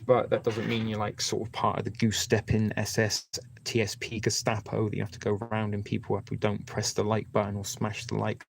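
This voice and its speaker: A man's voice: on the low side, creaky. A man hosting a casual live stream, rambling and chatting with viewers by name.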